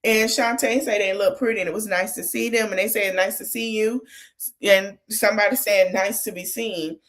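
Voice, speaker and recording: A woman podcast host chatting through a reality TV recap. She tells the story in an animated, gossipy way and drops sassy asides as she goes. Her voice sits at an ordinary middle pitch for a woman. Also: normal speed.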